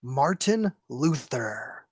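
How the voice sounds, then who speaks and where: A co-host reading out multiple-choice answers with jokey, drawn-out delivery. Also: medium pitch, big pitch swings, a little mellow, slightly rough, no room sound, clean studio sound. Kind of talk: jokey banter.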